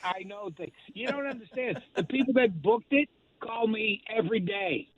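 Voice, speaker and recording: A man's voice: high voice, normal speed. An older man, a stand-up comedian, telling stories in a radio interview with dry, self-deprecating humor and lots of fillers. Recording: tinny phone line.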